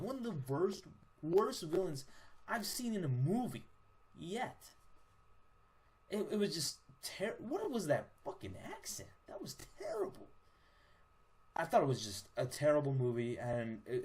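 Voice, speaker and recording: A young man casually reviewing movies on his own channel, blunt and profane, with frequent restarts. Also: medium pitch.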